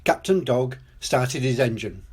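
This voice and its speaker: Old man reading a kids' picture book, slow, lively, bit breathy. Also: mid-range voice. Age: older. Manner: gentle, expressive reading. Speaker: storyteller. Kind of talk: reading a children's storybook aloud.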